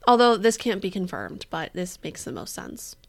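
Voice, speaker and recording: A woman's voice: fairly low pitch, sing-song, moderate pace. A woman co-hosting a podcast, telling a true-crime story in casual chat, swearing freely and acting out the people she quotes. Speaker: podcast co-host.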